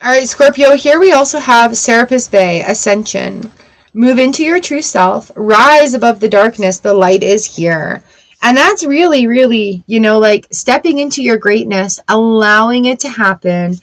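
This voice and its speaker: A woman's voice: a little high, lively intonation, moderate pace, poor audio. A woman reading tarot cards for a live audience, chatty and upbeat, greeting viewers by name between cards. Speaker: tarot reader.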